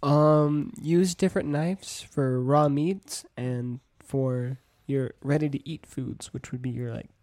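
Male guest, mellow tone, matter-of-fact, dry recording. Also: mid-range voice, fairly even intonation, slow pace, few pauses, no room sound. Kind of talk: casual chat.

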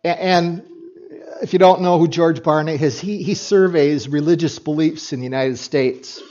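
Animated preaching man, dull lo-fi sound. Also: a little high, moderate pace. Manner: animated preaching with emphatic repeats and asides to the congregation. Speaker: pastor. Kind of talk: sermon. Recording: dull lo-fi recording.

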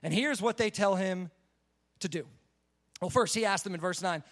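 Speaking briskly in a high register, this young preacher keeps things conversational. He retells a Bible story while dropping "like" into nearly every sentence.

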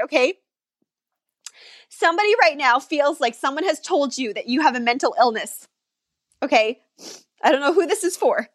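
A woman with a high voice preaches and prays with fervent, repeated declarations. Her voice is close and dry, with no room sound at all. She speaks words of release and blessing straight to the listener. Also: expressive, normal speed, no room sound. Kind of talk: prayer and prophetic preaching.

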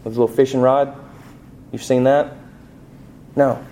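A middle-aged man preaching a sermon, asking the congregation rhetorical questions and rising sharply in pitch and volume on emphatic points. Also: level tone, unhurried, warm tone. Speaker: pastor.

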